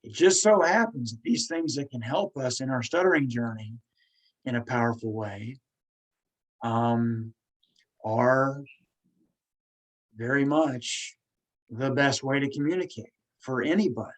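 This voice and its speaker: A man's voice: mid-range voice, measured pace, long pauses, poor audio. A man hosting a podcast, talking casually and encouragingly while he stutters, repeating words and restarting. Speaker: podcast host.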